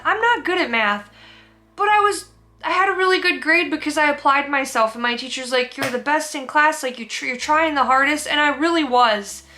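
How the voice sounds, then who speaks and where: A woman's voice: high-pitched, bright, forceful tone. A young woman telling a candid, emotional personal story in a sit-down vlog, rambling and restarting, close to tears. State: teary, emotional. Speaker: vlogger.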